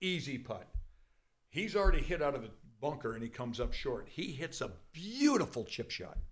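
An older man, a guest in a studio interview, telling a long anecdote in a lively, casual way with frequent swearing and bursts of laughter. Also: medium pitch, normal speed. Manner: animated, swears freely, breaks into laughter.

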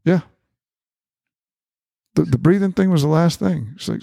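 A middle-aged man with a gravelly, mellow voice tells a personal story in an earnest, conversational way. He stumbles and repeats words, then lifts his pitch to act out quoted lines. The recording is dry and close. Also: lively intonation, measured pace, dry recording. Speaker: guest, family doctor.

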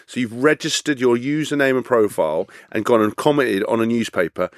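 A man's voice: medium pitch, no echo, studio quality. A man in his thirties chatting as a podcast guest, blunt and swearing freely. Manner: blunt, swears a lot, fast and animated. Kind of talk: casual chat.

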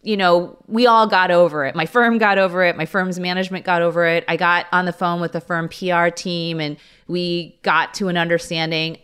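A woman's voice: on the low side, clear, resonant tone. Chatty woman lawyer telling her story. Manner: chatty, animated retelling with many fillers. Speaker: lawyer and content creator. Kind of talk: interview storytelling.

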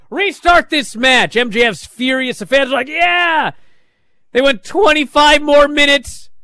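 A middle-aged man hosting a wrestling recap show, telling the matches in a lively, up-and-down casual way. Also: high-pitched, no room sound, clean studio sound. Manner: animated storytelling, swings loud and soft.

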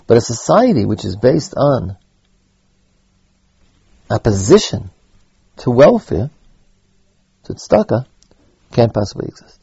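A man teaching a Torah lesson, halting and repeating words as he thinks aloud, with Hebrew terms mixed in. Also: mid-range voice, very animated, creaky, warm tone, breathy edge, dry recording, muffled recording. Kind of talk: spoken Torah lecture.

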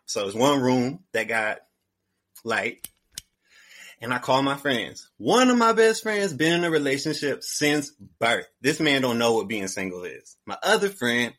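A man's voice: medium pitch, sharp tone. Young man telling a casual story. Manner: casual, slangy, repeats phrases. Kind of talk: personal storytelling.

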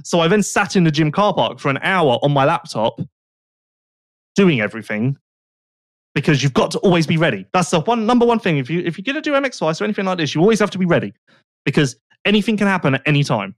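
Chatty man, slightly high voice. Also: very animated, fast talker, no echo, clean studio sound. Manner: rambling, self-correcting, chatty. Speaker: podcast co-host. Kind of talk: casual podcast chat.

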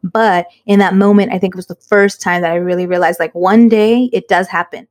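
Fast-talking woman. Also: fairly low pitch. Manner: animated storyteller, mixes in Spanish phrases. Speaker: podcast co-host. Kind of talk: casual chat among friends.

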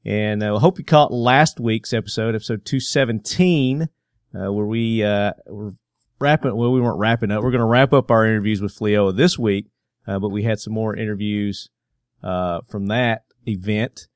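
A man's voice: on the low side, moderate pace, no echo, studio quality. A man with a Southern American twang hosting a casual podcast, joking and rambling with plenty of fillers. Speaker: podcast host.

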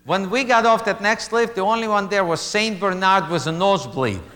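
A middle-aged man performs stand-up, his voice sitting high for a man. He tells a self-mocking story, breaking into loud gasping laugh bits. The live hall rings with long reverb and clear crowd noise behind him. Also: normal speed. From Russia. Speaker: stand-up comedian. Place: live comedy venue. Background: audience laughter and room ambience.

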